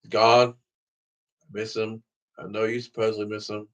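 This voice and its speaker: A man's voice: lowish voice, monotone, measured pace, a bit bright, highs cut off. A man talking straight to the camera in a casual vlog, rambling and swearing freely. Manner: profane, rambling talk to camera. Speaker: vlogger.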